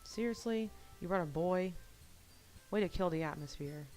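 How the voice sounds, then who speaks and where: A woman voicing a sharp-tongued, grumpy small teen girl in a game, speaking snappily. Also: on the low side, normal speed, faint music behind, natural voice.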